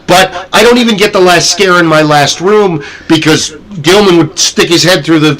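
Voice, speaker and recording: A man telling haunted house stories in a casual podcast chat, lively, often jumping into loud acted character voices. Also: high-pitched, normal speed, few pauses, poor audio. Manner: animated, acts out scenes with sudden loud character voices.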